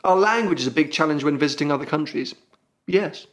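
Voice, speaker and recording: A man's voice: on the high side, lively intonation, a little fast, a bit bright. A young British man with a British accent hosting a podcast, chatting casually and rambling a little with plenty of ums and uhs. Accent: British English. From Britain. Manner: rambling, self-deprecating, lots of ums and uhs. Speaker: podcast host.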